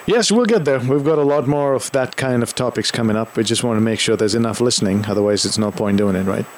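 A man's voice: mid-range voice, fast talker, slight background noise. A man hosting a casual radio talk show, chatty and teasing, often laughing.

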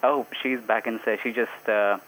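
A man's voice: on the low side, fairly even intonation, unhurried, a bit bright, slight background noise, poor audio. A man from India calling in to a radio show by phone, talking hesitantly with many fillers and frequent laughs. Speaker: caller. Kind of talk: call-in radio chat. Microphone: phone line.

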